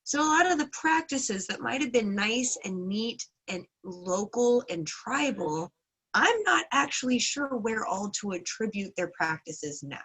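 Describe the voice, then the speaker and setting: A woman's voice: a little high, very animated, measured pace, a bit bright, breathy edge, low-quality recording. A woman teaching a casual class, retelling a folk tale in a chatty, playful way with frequent hedges. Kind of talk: casual lesson with folk storytelling.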